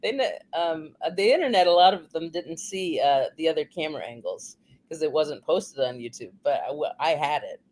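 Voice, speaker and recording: A woman guest telling a story in a casual interview, animated and laughing. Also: low-pitched, normal speed.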